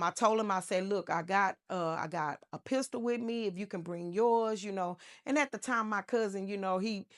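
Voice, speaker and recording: Emotional woman telling her testimony. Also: mid-range voice. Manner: emotional, animated retelling with many fillers. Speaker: testimony speaker. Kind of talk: personal testimony storytelling.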